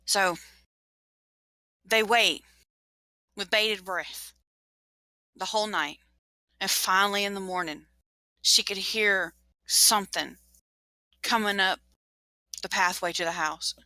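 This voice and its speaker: Dramatic, bright-voiced woman storyteller. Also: mid-range voice, takes it slowly, pauses often, no room sound, low-quality recording. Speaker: game master. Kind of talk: storytelling in a tabletop game session.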